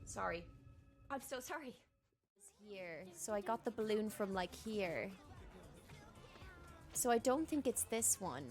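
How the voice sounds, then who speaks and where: A woman streamer giving casual gameplay commentary, excitable and often squealing, swearing and laughing. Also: medium pitch, measured pace, pauses often. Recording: game music playing loudly behind.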